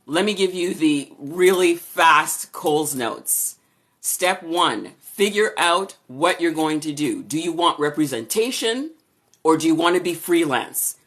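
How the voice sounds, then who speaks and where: A woman voice-over artist with a low voice, casually chatting on a live stream and greeting viewers by name as she answers their questions. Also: a bit bright. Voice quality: low-registering voice. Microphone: camera or phone for a live stream.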